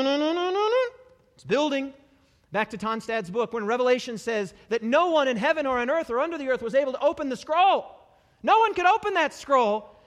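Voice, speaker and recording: A male preacher giving a sermon to a live congregation, animated and repetitive, dropping humorous asides. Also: very high-pitched. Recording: long hall reverb.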